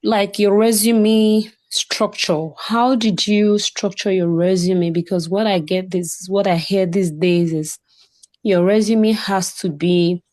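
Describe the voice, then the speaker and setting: A woman's voice: medium pitch, fairly even intonation, slow, darkish tone, dry recording. A woman interviewer asking a guest a careful, detailed question.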